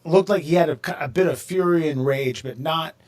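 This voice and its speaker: A man's voice: on the high side, normal speed, darkish tone. Male podcast co-host, average voice, rambling casual storyteller. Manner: rambling, restarts, swears casually.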